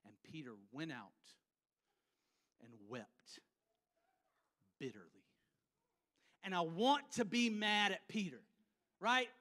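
Preacher, male: high, bright voice; acts out the scene, loud to hushed; reverberant church sanctuary. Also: sing-song, takes it slowly, pauses often. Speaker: pastor. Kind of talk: sermon. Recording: church hall with long reverb.

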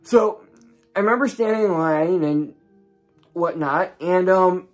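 A man's voice: high voice, a little slow, faint music behind. A young man telling a personal story in a casual vlog, rambling along with many restarts and voicing the people he talks about. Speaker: vlogger.

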